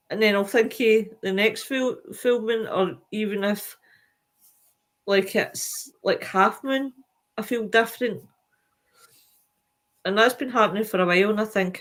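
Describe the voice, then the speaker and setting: A tired woman hosting a casual live-stream chat, reading out viewer comments in a chatty, animated way. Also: mid-range voice, a little slow. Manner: chatty and animated, with many fillers.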